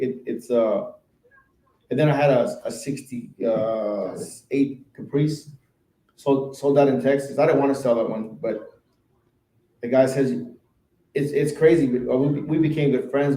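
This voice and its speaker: A man's voice: medium pitch, warm tone. Laid-back man telling long stories. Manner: rambling, laid-back storyteller. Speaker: podcast guest, car painter. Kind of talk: casual chat, storytelling. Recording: roomy echo.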